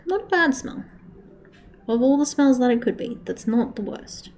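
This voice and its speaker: A woman's voice: fairly high pitch, animated, moderate pace, a little mellow. A young woman chatting casually on a live stream while she crochets, swearing freely and laughing often.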